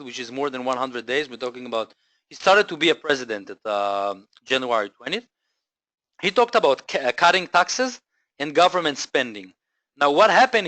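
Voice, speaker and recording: A man presenting a live online trading lesson, energetic and full of fillers and self-corrections, often checking in with listeners. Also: on the high side, dry recording.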